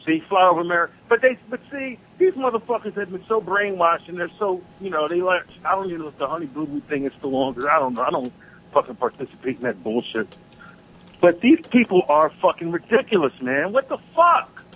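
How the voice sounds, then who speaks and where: Fired-up caller on a tinny phone line. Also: male voice, sits high, lively intonation, brisk, slight background noise. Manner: profane, heated, ranting. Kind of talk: angry political rant on a call-in show. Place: South Carolina.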